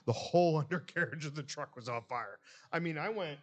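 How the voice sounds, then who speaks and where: A man with a higher-pitched voice speaks briskly as a podcast co-host, telling stories in a casual chat. Lots of swearing and animated impressions of what people said mark his profane style.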